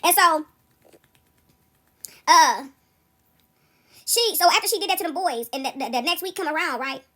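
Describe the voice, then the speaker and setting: A young adult woman telling a casual story to her viewers, animated and often breaking into laughter as she talks to them directly. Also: extremely high pitch, normal speed.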